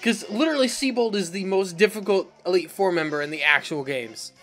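An excitable co-host of a let's play, chatting casually through a game battle. Easy and talkative, reacting loudly to the action. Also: medium pitch, brisk, faint music behind. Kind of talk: casual gaming chat.

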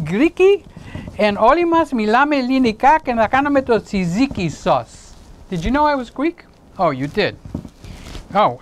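Playful, sing-song home cooking host. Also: male voice, slight background noise, poor audio. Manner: playful, chatty, joking asides to viewers; swoops into high excited exclamations. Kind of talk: casual cooking demonstration to camera.

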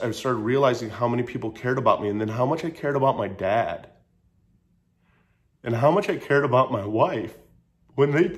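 A man in his thirties telling a raw personal story in a casual, earnest way, swearing freely and repeating phrases. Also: medium pitch. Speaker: vlogger sharing his story.

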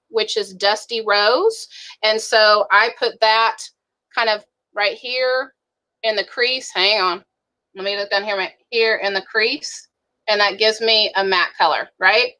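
A woman's voice: medium pitch, pushed and bright, poor audio. A woman giving a casual live makeup tutorial over a video call, chatty and listing shade names one by one. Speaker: beauty director giving a makeup demo.

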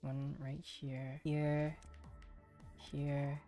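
A man's voice: fairly high pitch, completely flat delivery, drawn-out words, mellow, soft background music. A man commentating his own gameplay, tense and shaky, swearing often and repeating himself in frantic bursts. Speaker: gaming streamer.

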